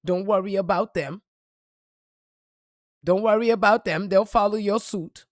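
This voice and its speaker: A woman vlogger giving a casual motivational talk to her followers, blunt and profane, swinging from loud punchy bursts to soft reflective moments. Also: medium pitch, a little slow, dry recording, clean studio sound. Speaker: spiritual reader and motivational vlogger.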